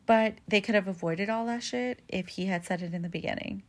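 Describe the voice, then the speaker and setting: A woman's voice: mid-range voice, a little fast, few pauses, a little mellow. A woman hosting a podcast, giving relationship advice in a candid, casual monologue that is full of swearing and "like" fillers. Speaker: podcast host.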